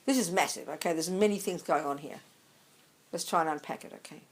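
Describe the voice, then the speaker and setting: A woman's voice: sits low, a little fast. Emphatic woman teaching Buddhism. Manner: emphatic, animated, keeps checking the audience follows; calls listeners darling. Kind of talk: dharma talk with audience questions.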